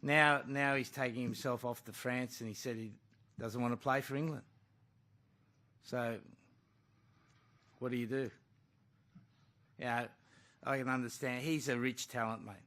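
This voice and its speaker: A man's voice: mid-range voice, steady tone, unhurried, pauses often, pushed and bright. A man, a rugby coach, answering questions bluntly at a press conference and calling the questioner mate.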